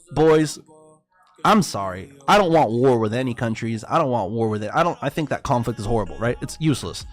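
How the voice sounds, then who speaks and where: High-voiced guy ranting on his trading stream, cussing a lot, faint music behind. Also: animated, brisk. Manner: heated, profane, addresses viewers as boys. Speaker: livestream host and forex trader. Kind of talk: casual livestream political rant.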